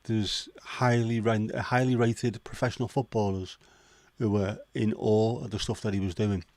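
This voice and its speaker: Darkish in tone and fairly low in pitch, this man's delivery is flat at a normal speed, captured in a dry recording. As a Liverpool host of a casual chat livestream, he swears, jokes and makes chatty asides to the people watching.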